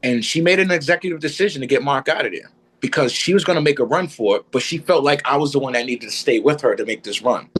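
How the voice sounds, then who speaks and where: A man's voice: medium pitch, quick pace, fairly bright tone, husky, low-quality recording. A man telling a personal story as a podcast guest, blunt and profane.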